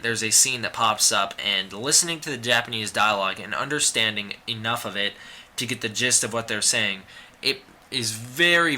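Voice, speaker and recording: A man's voice: fairly low pitch, bright, forceful tone, a little hiss or hum. A young man giving a casual spoken movie review, rambling with frequent restarts and fillers.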